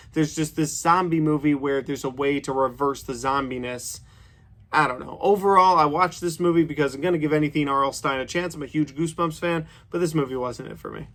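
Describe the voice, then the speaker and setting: A man's voice: fairly high pitch, a bit bright. A man in his thirties giving a casual, opinionated horror movie review, chatty and full of "like". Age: 30s.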